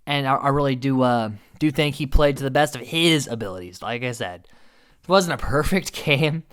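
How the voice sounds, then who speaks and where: A man giving a casual, opinionated recap commentary, animated and swearing, with many fillers. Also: medium pitch, moderate pace, smooth.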